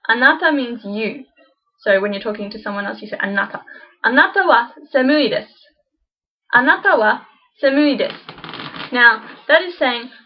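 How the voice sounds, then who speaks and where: A woman teaching a casual beginner language lesson, chatty, slowly repeating example phrases. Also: on the high side, highs cut off.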